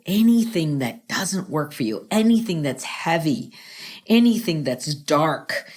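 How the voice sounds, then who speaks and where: A middle-aged woman hosting a podcast, coaching listeners through a slow breathing exercise in a soothing voice that drops to whispers. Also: deep voice, sing-song, a little mellow.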